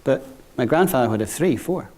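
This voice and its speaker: A middle-aged man giving a business talk to new graduates, conversational, often checking in with "right?" and dropping quiet for anecdotes. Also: medium pitch, animated, fairly quick. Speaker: bank executive speaking to graduates.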